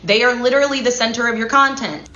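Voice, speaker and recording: A woman's voice: on the high side, fast, pushed and bright, lo-fi sound. A woman making social media content, mocking and insulting another creator.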